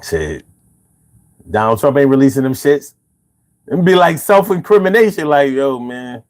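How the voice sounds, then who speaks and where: This livestream host reads chat and talks with his viewers in a medium-pitched, sing-song voice with a darkish tone, at normal speed. He rambles casually, using slang and profanity and repeating himself, while faint music and his own bongos play behind him.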